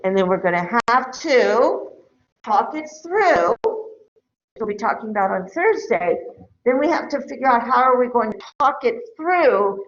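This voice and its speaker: A middle-aged woman lecturing a class in a conversational way, often checking in with her listeners. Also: on the high side. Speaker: teacher. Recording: echoey room, dull lo-fi sound.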